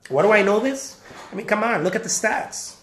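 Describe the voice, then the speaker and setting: Emphatic male artist talking straight to camera at home, a bit high-pitched, roomy echo. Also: lively intonation, a little fast, fairly bright tone, slight background noise. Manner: emphatic, repeats points, addresses viewers as guys. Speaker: artist giving career advice. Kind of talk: casual vlog talk to camera. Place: home, near a backyard.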